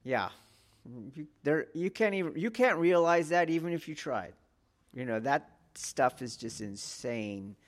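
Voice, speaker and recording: A man's voice: on the high side, lively intonation, unhurried. A man giving a martial arts lesson, talking in a rhetorical way and often checking in with his students. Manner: rhetorical, keeps checking in with "okay?" and "do you see?". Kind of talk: teaching talk to students.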